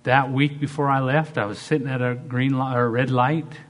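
A middle-aged man preaching a sermon as pastor, swinging between loud acted-out quotes and quiet asides. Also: mid-range voice, fairly even intonation, moderate pace.

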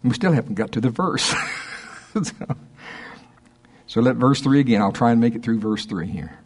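A man preaching a conversational sermon, laughing often and slowing down to stress scripture verses. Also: medium pitch, slightly rough. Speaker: pastor.

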